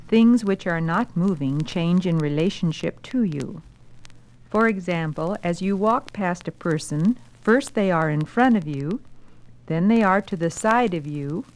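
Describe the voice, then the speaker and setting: Woman narrating a school film, lowish voice, takes it really slow, step by step instructions. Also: low-quality recording. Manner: calm, deliberate, giving step-by-step instructions.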